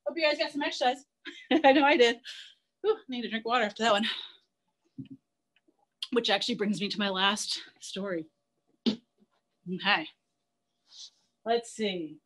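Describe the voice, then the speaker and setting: A woman zoo educator leading an online class for children, playful and energetic, telling a myth and getting the kids to run and chant along. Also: fairly high pitch, a little slow, long pauses.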